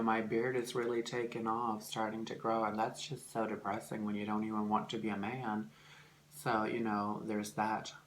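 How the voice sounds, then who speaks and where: Bright-voiced Norwegian guy rambling. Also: slight background noise. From Norway. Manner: rambling, full of "like" fillers, swearing, sudden loud shrill mocking outbursts. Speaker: vlogger. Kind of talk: casual chat while eating.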